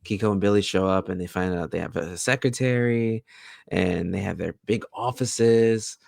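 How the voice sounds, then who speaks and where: A man's voice: low-pitched, moderate pace, vocal fry, darkish tone, dry recording, clean studio sound. A man co-hosting a casual TV recap show, steadily retelling the plot with fillers like "you know". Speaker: podcast co-host.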